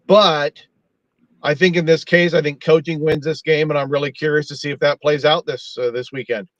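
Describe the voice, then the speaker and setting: Analyst guy laying out stats calmly, somewhat high voice, muffled remote line. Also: dry recording. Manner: measured, builds arguments with stats. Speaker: football analyst guest. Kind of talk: analytical panel talk.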